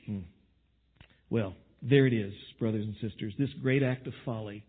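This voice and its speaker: A man's voice: mid-range voice, measured pace, long pauses, phone-quality sound. A man preaching a sermon to his congregation, acting out the voices of others as he talks. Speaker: pastor.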